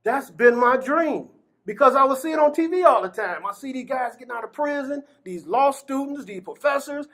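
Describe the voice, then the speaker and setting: A man's voice: very high-pitched, lively intonation, normal speed, fairly bright tone. A middle-aged man from Gary, Indiana, telling his personal story earnestly, often breaking into laughter as he recalls it. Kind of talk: personal testimony.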